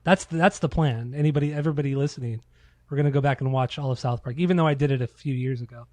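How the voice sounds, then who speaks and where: A man's voice: medium pitch, very fast, darkish tone, no room sound. A man co-hosting a casual podcast, telling loose, profane stories and acting out quotes. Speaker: podcast co-host. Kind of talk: casual chat.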